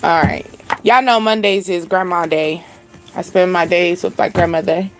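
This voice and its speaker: A woman's voice: lowish voice, moderate pace, over music. A young woman hosting a spiritual channel, giving a casual live-stream reading in a chatty, laid-back way with frequent laughter.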